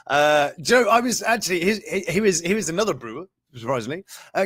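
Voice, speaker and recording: A man hosting a casual show, his slightly high voice swooping up and down as he reads out odd news items. He chuckles often and breaks off mid-sentence to comment, recorded dry and close with no room sound. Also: animated, fast talker, a bit bright, no room sound. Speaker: show host.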